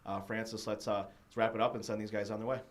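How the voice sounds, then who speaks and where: Man, host, casual interview, chatty, low pitch, easy laugh. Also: little pitch movement, quick pace. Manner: chatty, laughs easily, lots of fillers.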